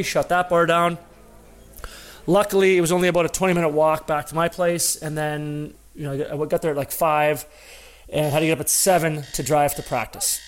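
A former hockey player telling a personal story in a casual, conversational way, acting out the dialogue as he goes. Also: on the high side.

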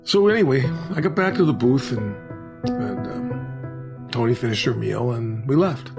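Guy telling his own story, earnest, keeps restarting, average pitch voice. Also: animated, measured pace, gravelly, over music. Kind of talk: personal storytelling.

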